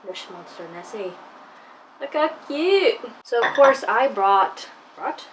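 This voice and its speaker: A woman's voice: on the high side, expressive, takes it slowly, slight background noise, rough recording. A tired woman chatting casually to her viewers at home, rambling and playful as she goes. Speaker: vlogger. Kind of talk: casual vlog chat.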